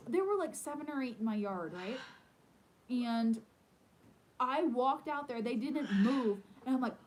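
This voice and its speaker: A woman's voice: sits high, lively intonation, measured pace, slight background noise, rough recording. A woman hosting a casual live stream from home, chatting in a rambling way with lots of fillers. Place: at home in the evening.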